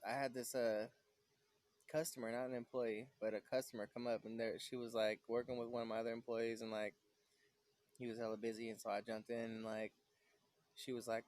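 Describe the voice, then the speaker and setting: A man's voice: mid-range voice, dry recording. Guy ranting on his vlog, lots of "you know what i'm saying", cussing, mid voice, dry sound. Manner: rambling, heavy fillers and swearing. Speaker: vlogger. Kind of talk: casual rant to camera. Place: San Diego.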